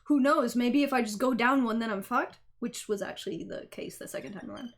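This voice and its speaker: A woman with a high, light voice commentates her own gameplay on a live stream. She talks casually and excitably, swearing freely as she reacts and explains what is happening. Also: fairly quick. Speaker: game streamer.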